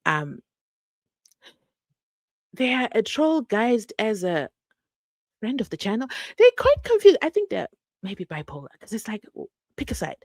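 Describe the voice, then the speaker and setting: Her voice is a little high and unhurried, broken by long pauses, and there is no room sound. A South African true crime host, she talks animatedly with her live-stream viewers, full of laughter and asides.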